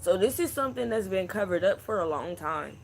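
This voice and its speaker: A man in his twenties giving an unscripted psychic reading, speaking slowly in a hushed, halting and emotional way. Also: high-pitched, animated, gravelly, slight background noise. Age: 20s. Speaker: psychic channel host. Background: crickets and insects.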